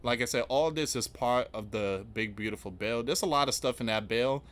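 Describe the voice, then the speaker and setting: Medium-pitched and a bit bright, a man talks at normal speed while hosting an online news channel. He reads news items aloud, poses rhetorical questions in reaction, and rambles repetitively through casual political commentary to viewers, often restarting with "again" and "guys."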